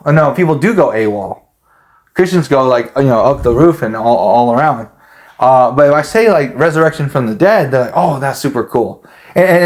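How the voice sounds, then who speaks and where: A man talking in a rambling, hesitant monologue, full of fillers and restarts. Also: on the high side. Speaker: podcast host.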